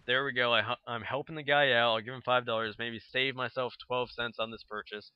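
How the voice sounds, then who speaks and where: A man's voice: mid-range voice, steady tone, a little fast, smooth, dry recording, highs cut off. A young man casually telling a rambling story over gameplay footage, full of fillers and acted-out quotes. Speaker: gaming video host.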